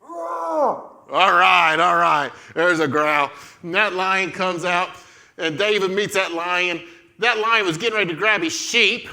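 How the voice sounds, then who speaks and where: A man's voice: high voice, lively intonation, slow pace, bright, forceful tone. A man leading a children's church lesson, playfully telling a Bible story and directing kids as they act it out. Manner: playful, coaching children through a skit.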